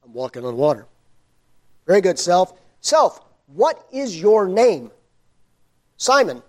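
A preacher acting out an impulsive fisherman apostle, a grown man chattering to himself in quick comic self-talk that climbs into a panicked yelp. The voice sits high for a man. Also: big pitch swings, heavily acted. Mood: nervous.

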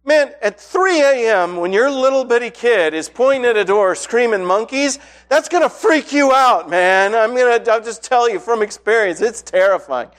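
High-voiced man preaching conversationally. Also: moderate pace, few pauses. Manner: conversational, storytelling with rising excitement. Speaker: pastor. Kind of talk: sermon. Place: church hall with congregation.

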